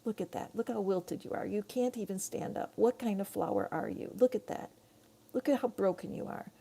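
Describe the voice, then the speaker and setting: Mean, sneering flower, a woman putting it on, low-key gravelly delivery. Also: fairly quick, mellow. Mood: mocking. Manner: taunting. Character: sneering pink flower, mocking and cruel.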